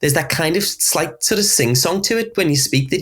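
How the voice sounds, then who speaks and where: A man with a Southern English Berkshire accent, a voice coach speaking as a guest in a conversational podcast interview, explaining things in an animated way. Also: on the high side, fast, hardly any pauses. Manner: expressive, animated explainer who often laughs.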